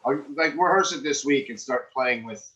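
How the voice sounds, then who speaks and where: A man's voice: medium pitch, lively intonation, moderate pace, bright, forceful tone, highs cut off. A middle-aged man giving script feedback in an acting class, rambling and often checking in with "right?". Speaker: acting coach.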